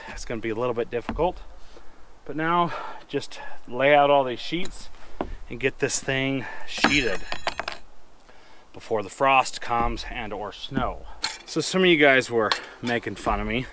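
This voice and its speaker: A man's voice: medium pitch, a little slow, pauses often. A man in early adulthood narrating a building project, out of breath because he talks while he works. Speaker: DIY builder and video host. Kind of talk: casual build vlog narration. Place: outdoors at a shed build site. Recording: noisy outdoor recording.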